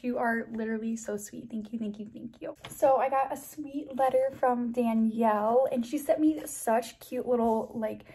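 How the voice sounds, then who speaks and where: A young woman vlogger chatting to camera, gushing with excitement and thanks as she opens gifts. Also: a little high, unhurried, slightly rough. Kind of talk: casual chat to camera.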